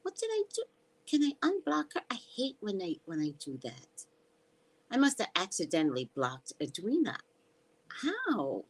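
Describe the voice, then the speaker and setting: A woman's voice: medium pitch, wildly swooping pitch, unhurried, breathy edge, poor audio. A woman psychic reader hosting a casual livestream, chatting in a rambling way and reading out viewer comments.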